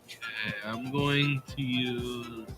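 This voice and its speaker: A man playing in a tabletop game, talking in a relaxed, unhurried way. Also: medium pitch, music in the background. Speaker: player. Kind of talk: casual tabletop play.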